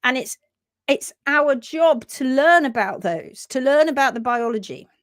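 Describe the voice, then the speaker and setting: A woman's voice: high-pitched, a little slow, no room sound, studio quality. A British woman hosting a live stream for horse owners, talking earnestly and reading out viewer comments. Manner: earnest and animated, with sudden whispers and laughs.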